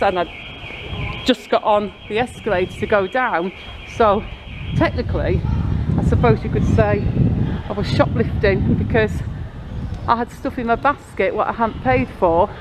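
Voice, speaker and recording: Woman, casual rambling vlog talk, higher voice, handheld camera outdoors, clear street noise behind. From Blackpool, England. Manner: chatty, rambling storytelling. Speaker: vlogger. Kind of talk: casual walking vlog narration. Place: outdoors on a busy town street. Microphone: handheld camera mic.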